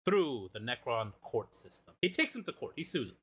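A podcast co-host casually retells a comic story, animated and swearing, acting out the quotes. His husky voice is medium in pitch and runs at a normal speed.

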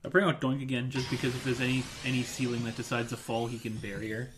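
A man's voice: mid-range voice, little pitch movement, fast, background noise. A man playing a tabletop game, making wry, teasing remarks. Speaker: player. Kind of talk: tabletop role-play chat.

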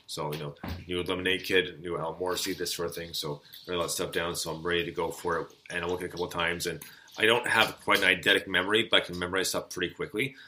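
A man co-hosting a music show, chatting and telling stories with animated energy and frequent laughter. His voice sits low but has a bright, forceful edge. He introduces songs in a relaxed, casual way. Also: slight background noise. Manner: animated storyteller, laughs often. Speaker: radio show co-host. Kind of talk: casual chat and song introductions.

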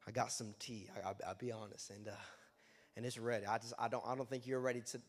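A man preaching as a youth pastor in a sermon, talking in a loose, conversational way that breaks into loud, emphatic bursts. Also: mid-range voice, flat delivery, fast. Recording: long hall reverb.

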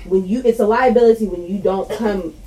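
A woman arguing her point in a casual group debate, halting and restarting often. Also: medium pitch, a crowd in the background, low-quality recording. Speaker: discussion participant.

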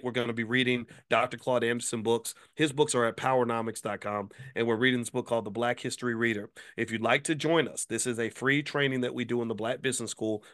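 Fired-up guy ranting on his show, cussing, lots of rhetorical questions, mid-pitched voice. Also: fairly bright tone. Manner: profane, angry rhetorical questioning; promotional plugging. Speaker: host, finance commentator. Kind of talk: fired-up video commentary.

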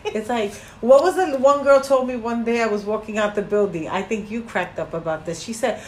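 A woman co-hosting a podcast, chatting casually and telling stories in an animated way, laughing often. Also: fairly high pitch, fairly quick, few pauses. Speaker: podcast co-host. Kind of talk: casual chat. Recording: echoey room, faint noise.

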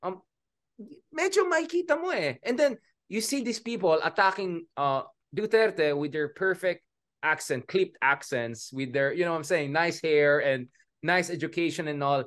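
A man's voice: fairly high pitch, moderate pace. A man with a Filipino accent in casual political discussion, switching between Filipino and English and calling his co-host "bro". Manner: animated, mixes Filipino and English, says "bro".

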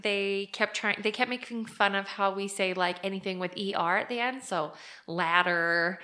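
Bright-voiced chatty woman. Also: medium pitch, steady tone, brisk. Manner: chatty, rambling with many fillers. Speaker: podcast co-host. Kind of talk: casual chat.

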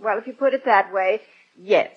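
An actress playing a sweet, gently coaxing wife in a radio sitcom. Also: female voice, mid-range voice, moderate pace, slightly rough, lightly acted. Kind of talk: 1940s radio sitcom acting. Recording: muffled old radio recording, faint hiss.

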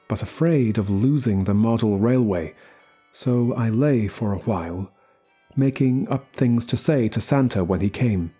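A man reading a short story aloud as the narrator, in slow, measured scripted narration. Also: on the low side, dark tone, breathy edge. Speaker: story reader.

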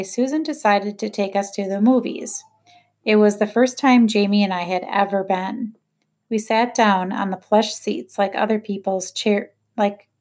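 A woman reading a children's novel aloud, in a steady, measured first-person narration. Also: mid-range voice. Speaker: audiobook reader.

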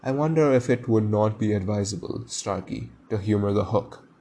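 A man's voice: on the low side, moderate pace, dark tone, a little hiss or hum, natural voice. A man voicing a menacing male pirate captain who speaks silkily and courteously, with a steely edge. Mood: silky menacing.

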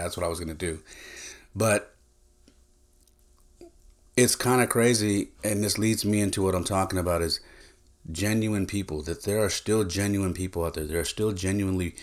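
A man hosting a podcast, telling a casual story in a direct, chatty way with many fillers and restarts. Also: deep voice. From San Jose, California. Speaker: podcast host.

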